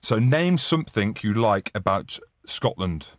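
A man's voice: lowish voice, sing-song, unhurried, no echo, studio quality. A man co-hosting a casual podcast, bantering with guests and stumbling through an ad read. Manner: matey, banter-filled, stumbling reads. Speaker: podcast co-host.

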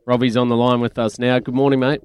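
Smooth-voiced New radio host. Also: male voice, medium pitch, little pitch movement, quick pace, darkish tone, no echo. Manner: chummy, says mate often. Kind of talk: radio sports interview.

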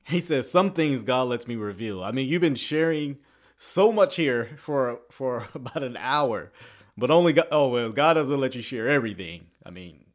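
Man, casual commentary, animated pitch, laughs a lot, loud bursts then mutters. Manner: chuckles often, jumps between quiet asides and excited outbursts. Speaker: commentator reacting to clips.

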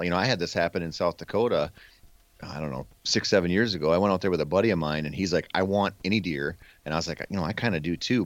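A man's voice: deep voice, no room sound. A man in casual podcast conversation, telling easygoing hunting stories with plenty of "man" and "freaking". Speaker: podcast guest. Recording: dull, dry lo-fi sound.

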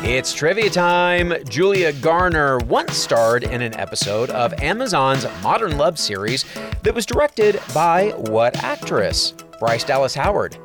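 A man's voice: on the high side, big pitch swings, unhurried, over music. A man hosting an entertainment show, reading upbeat scripted narration with playful puns. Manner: upbeat, playful presenter delivery.

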